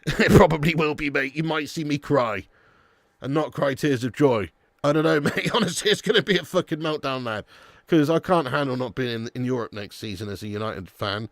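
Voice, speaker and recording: Chatty man, gravelly voice. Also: on the high side, dry recording, studio quality. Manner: chatty, banter with chat, swears casually. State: a little sleepy. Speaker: watch-along streamer. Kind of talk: live football watch-along chat.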